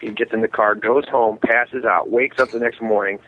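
Lo-fi, low-voiced man spinning profane party stories. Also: normal speed, a crowd in the background. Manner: profane, rambling anecdotes with animated quoted voices. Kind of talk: casual storytelling among friends. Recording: muffled lo-fi recording with faint hiss.

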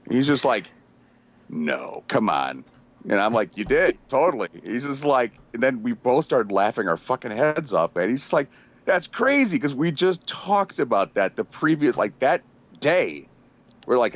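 A man's voice: medium pitch, muffled recording. A man telling profane, laughing stories in casual chat, acting out quotes. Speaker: podcast regular.

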